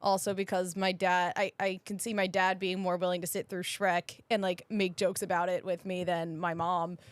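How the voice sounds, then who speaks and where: A woman co-hosting a podcast in casual chat, excited and gushing, swearing and laughing often. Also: lowish voice, normal speed, dry recording. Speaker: podcast co-host.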